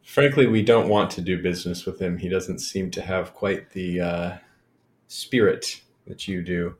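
Male player with a very deep voice, dry sardonic delivery. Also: steady tone, a little slow.

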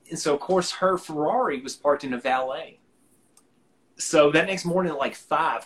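A man with a soft Alabama drawl tells a casual story on a live stream. He is relaxed and rambling, with plenty of ums and restarts. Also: on the high side, low-quality recording. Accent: Alabama Southern US. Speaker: guest musician.

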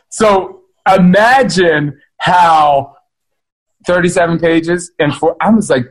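A man, an author and guest, telling a casual, animated story and speaking straight to his listeners. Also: fairly high pitch, slow, rough recording. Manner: animated, addresses listeners as "y'all".

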